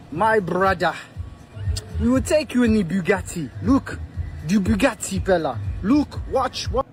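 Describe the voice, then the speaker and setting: A man pleading and coaxing in a video clip, repeating himself in a drawn-out way. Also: sits high.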